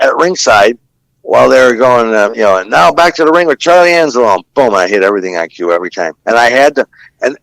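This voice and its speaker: A man with a fairly low pitch, once a ring announcer, shares casual, rambling fight anecdotes on a podcast, loaded with fillers and profanity. The recording has no echo but sounds rough.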